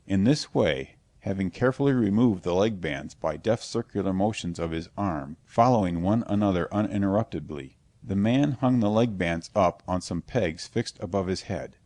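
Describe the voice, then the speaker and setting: Deep-voiced male audiobook narrator. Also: lively intonation, moderate pace, hardly any pauses, darkish tone, no room sound. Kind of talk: scripted narration.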